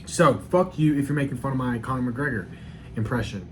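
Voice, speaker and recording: A man's voice: medium pitch, a little fast, low-quality recording. Rambling young man vlogging casually. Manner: rambling, self-deprecating, swears casually. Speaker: channel host. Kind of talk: casual solo vlog commentary.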